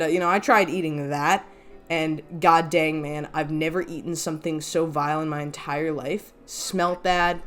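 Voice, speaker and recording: A woman hosting a reaction commentary video, talking in a blunt, exasperated, slangy way. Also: sits low.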